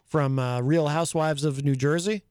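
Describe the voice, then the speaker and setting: Smooth-voiced man reading viewer comments. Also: a little high, steady tone, moderate pace, a little mellow, dry recording, studio quality. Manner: rambling, hesitant, with many fillers and restarts. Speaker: host. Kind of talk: casual live-show chat, reading viewer comments.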